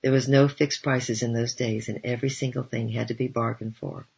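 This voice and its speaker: Husky, gravelly male memoir reader. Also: mid-range voice, level tone, brisk, a little mellow. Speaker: audiobook reader. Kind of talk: reading a missionary memoir aloud. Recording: dull, lo-fi recording.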